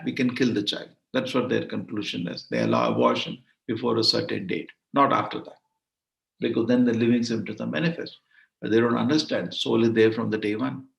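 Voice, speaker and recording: A man's voice: medium pitch, creaky. A man teaching a devotional scripture class, speaking emphatically and repeating phrases for stress over an online call. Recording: roomy echo.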